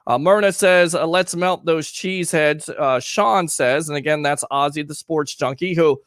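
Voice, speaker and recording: A man's voice: fairly high pitch, unhurried, fairly bright tone, dry recording, studio quality. A man hosting a live call-in sports show, talking emphatically and reading fan comments aloud. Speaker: sports talk show host.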